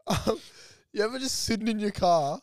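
A man's voice: sits high, lively intonation, normal speed, dry recording, studio quality. A young man co-hosting a podcast, chatting casually, swearing and joking. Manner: swearing, joking, laughing often. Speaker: podcast co-host. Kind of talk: casual chat.

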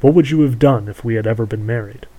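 A man's voice: mid-range voice, quick pace, mellow, close to an everyday voice, rough recording. A man voicing a weary, stubborn young prince who argues earnestly, in a storybook reading. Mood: insistent.

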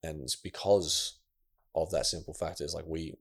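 A man with a deep, low voice talks on a casual podcast, recorded close and dry. He speaks haltingly and thoughtfully, restarting his sentences as he works out what to say. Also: steady tone, gravelly, dry recording. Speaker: podcast co-host.

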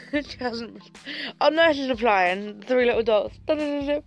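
A woman's voice: on the high side, slow, pauses often, soft background music. A young woman chatting casually to camera, sassy and gossipy, swearing freely. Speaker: vlogger.

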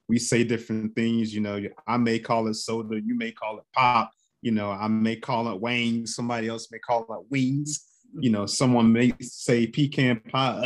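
A man from North Carolina hosting a podcast, relaxed and folksy in casual conversation. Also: medium pitch. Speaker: podcast host.

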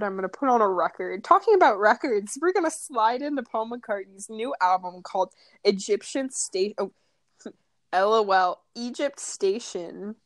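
A woman's voice: on the high side, no echo. A woman hosting a casual podcast from a room at home, laughing often, swearing freely and rambling from one thought to the next. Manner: giggly, swears a lot, rambling. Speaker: podcast host.

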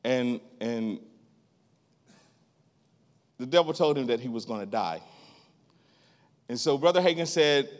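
A man preaching a sermon as a guest preacher, telling a story and breaking into loud, rhythmic laughter. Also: medium pitch, animated, a little slow, pauses often, in a large hall. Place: church sanctuary.

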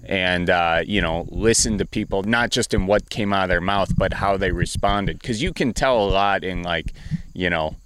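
Low, smooth-voiced male podcast host. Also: moderate pace, a bit bright. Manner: reflective, thinks aloud. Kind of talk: interview chat.

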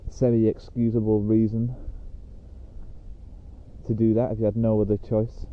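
A man's voice: on the low side, flat delivery, measured pace. Rambling man, tinny phone-like sound. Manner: rambling and chatty, with many fillers. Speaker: podcast host. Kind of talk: casual solo rambling podcast. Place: outdoors on a dog walk.

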